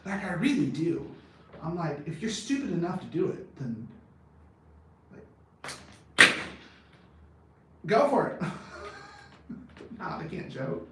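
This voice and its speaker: A man's voice: a little high, sing-song, takes it slowly, long pauses. A man in his thirties chatting casually as a vlogger, blunt and profane, rambling and laughing often. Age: 30s. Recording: very echoey, distant from the mic, faint background noise.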